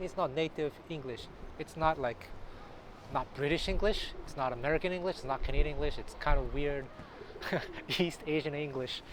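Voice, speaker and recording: A man with a slightly high voice talks to camera as a jazz guitar teacher, chatty and loose, often restarting his sentences and tossing in animated asides. He is recorded outdoors on a city street, and clear traffic noise runs under his voice. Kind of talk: casual talking-to-camera vlog.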